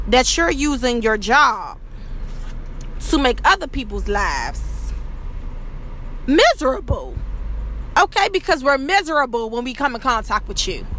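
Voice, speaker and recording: A woman's voice: high-pitched, a bit bright, a little hiss or hum. A woman delivering a scolding monologue rant, peppered with profanity and repeated questions.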